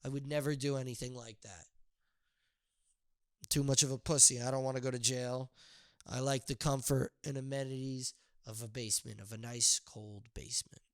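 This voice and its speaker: A young man hosting a solo podcast, rambling and profane, breaking into high strained shouts of a catchphrase. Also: steady tone, moderate pace, clear, resonant tone, dry recording, clean studio sound. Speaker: podcast host. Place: outdoors near his house.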